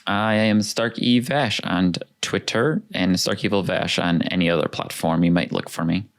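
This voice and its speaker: A man's voice: low voice, normal speed. A man co-hosting a casual gaming podcast over a video call, easygoing and enthusiastic. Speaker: podcast co-host.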